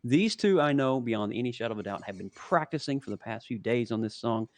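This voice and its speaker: A man's voice: mid-range voice, animated, a little fast. A man co-hosting a live online show, joking around and announcing the next act like an emcee. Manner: playful, announcer-like introductions. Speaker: co-host. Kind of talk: casual live-stream chat.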